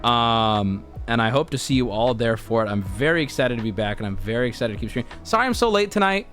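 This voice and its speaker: A man's voice: mid-range voice, expressive, fast, fairly bright tone. Laid-back American male streamer, mid-range voice, rambling casual chat with faint music under it. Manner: rambling, laid-back, often restarts and laughs mid-sentence.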